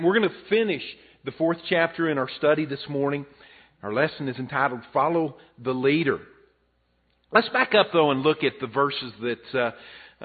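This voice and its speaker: A middle-aged man preaching a sermon in a folksy, conversational way, mixing scripture and jokes. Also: medium pitch. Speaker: pastor. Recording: phone-like narrow sound.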